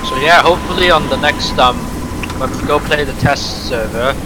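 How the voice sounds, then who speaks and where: Relaxed man on a stream call, easygoing storyteller; noticeable background noise. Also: fairly high pitch, normal speed. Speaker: voice chat guest. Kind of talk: casual gaming chat.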